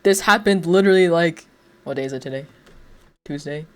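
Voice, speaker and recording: A man's voice: fairly high pitch, a little fast. A young man streaming, telling a story in a rambling, casual way, full of fillers and frequent laughs. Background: faint music.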